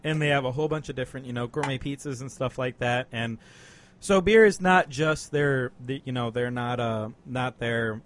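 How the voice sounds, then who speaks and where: A man's voice: medium pitch, normal speed. A young man co-hosting a casual beer review podcast, rambling, swearing casually and laughing between thoughts. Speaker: podcast co-host reviewing beers. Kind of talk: casual chat.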